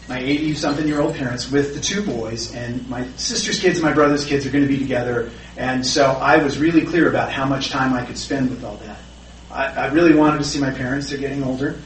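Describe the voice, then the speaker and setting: A man's voice: mid-range voice, slight background noise. Self-deprecating storyteller, middle-aged man, recorded from afar with faint room ambience. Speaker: recovery meeting speaker. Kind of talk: personal recovery share. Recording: roomy, distant, faint background ambience.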